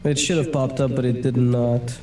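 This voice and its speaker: A man's voice: mid-range voice, little pitch movement, normal speed, warm tone, roomy sound, far from the mic, faint music behind. A man playing a tabletop game, playful and self-mocking. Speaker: player.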